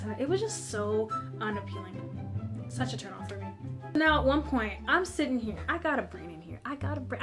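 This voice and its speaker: A young woman telling a story to camera in a chatty, emphatic, lively way with frequent asides to the viewers. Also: on the high side. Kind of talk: animated story time narration.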